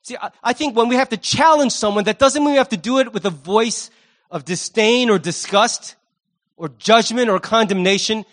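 A pastor preaching a sermon, animated, acting out the voices he quotes and repeating words as he starts a thought. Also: sits high, moderate pace.

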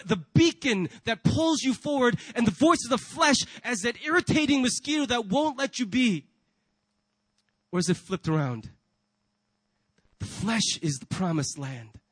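Male pastor, sermon delivery, high voice, dry recording, rhetorical and animated in acted asides. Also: slightly rough, dry recording, low-quality recording. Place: church.

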